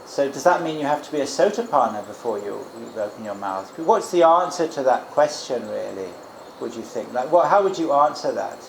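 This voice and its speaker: A man teaching as a Buddhist monk, giving an informal dharma talk and guided meditation in a gentle, musing way with frequent restarts. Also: mid-range voice, expressive, a little fast, creaky, hardly any pauses, slight background noise. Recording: echoey room with loud crickets. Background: crickets and insects.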